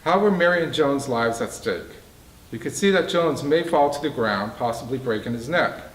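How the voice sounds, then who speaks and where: A man, an author, reading his novel aloud in a bookstore with a steady storytelling delivery. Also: mid-range voice, moderate pace. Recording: roomy, distant mic in a bookstore.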